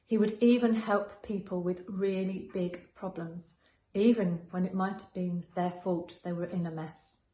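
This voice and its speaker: A woman calmly explaining an idea to primary school children. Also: on the low side, unhurried. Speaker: school assembly presenter. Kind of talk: calm explanatory narration. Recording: echoey room.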